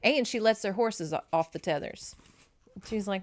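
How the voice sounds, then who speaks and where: A woman's voice: mid-range voice, moderate pace. Chatty Southern woman recapping a book. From North Louisiana. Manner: chatty, tangents, emotional asides. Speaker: podcast host.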